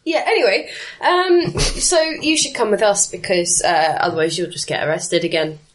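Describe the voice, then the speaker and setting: A woman playing a tabletop game, lively and giggly. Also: medium pitch, moderate pace. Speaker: player. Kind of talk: casual tabletop play.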